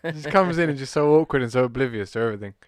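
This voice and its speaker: A British man co-hosting a casual TV review podcast, chatting with quick amusement. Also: mid-range voice, lively intonation, dry recording. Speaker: podcast co-host.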